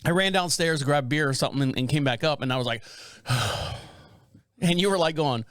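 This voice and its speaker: A man in his fifties, co-hosting a casual home-studio chat and telling rambling, animated stories with frequent laughs. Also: on the high side, normal speed, dry recording. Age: 50s. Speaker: podcast co-host.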